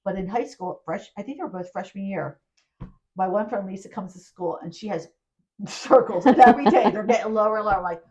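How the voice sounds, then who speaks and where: A woman co-hosting a casual podcast chat, telling animated stories with frequent laughs. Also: medium pitch, fairly quick. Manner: animated storyteller, laughs often. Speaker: podcast co-host. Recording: dull lo-fi sound.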